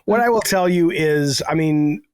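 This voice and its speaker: A man's voice: on the high side, normal speed, clear, resonant tone, no room sound. A middle-aged man telling rambling, self-deprecating stories in a casual podcast chat, swearing freely. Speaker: guest, game developer.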